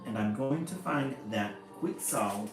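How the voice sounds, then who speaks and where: A man's voice: medium pitch, expressive, a little slow. A man voicing an adventurous young jungle explorer who talks in a friendly, eager way. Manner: friendly, eager, a little wistful. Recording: echoey room, faint music.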